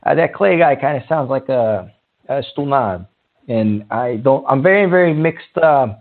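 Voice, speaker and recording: A man's voice: mid-range voice, animated, moderate pace. A man hosting a comedic call-in radio show, blustery and exasperated. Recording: tinny phone-like sound.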